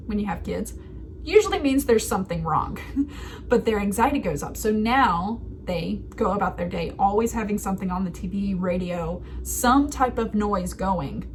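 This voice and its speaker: Woman, thirties, writing host, chatty and animated, medium-pitched voice, faint hiss behind. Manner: chatty, animated, laughs at herself. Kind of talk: casual writing commentary.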